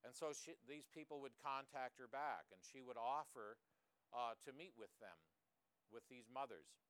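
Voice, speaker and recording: Male preacher, mid pitch, earnest sermon delivery with rhetorical questions, clear voice. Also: normal speed, fairly bright tone, no room sound.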